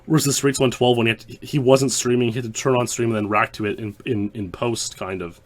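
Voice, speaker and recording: A man's voice: medium pitch, steady tone, fast talker. A man hosting the show, talking through the clip in casual, rambling commentary full of restarts. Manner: rambling, many restarts and fillers. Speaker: host.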